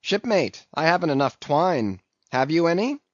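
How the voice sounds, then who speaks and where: A man's voice: a little high, very animated, moderate pace, no room sound, muffled recording, pitched above the performer's own voice. A man reading as Steelkilt, a scheming sailor. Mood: sly.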